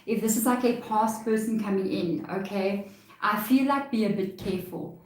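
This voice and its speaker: A woman's voice: mid-range voice, normal speed. A woman with a South African accent giving a chatty, reassuring live tarot reading, laughing often. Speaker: tarot reader. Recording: echoey room, mic far off.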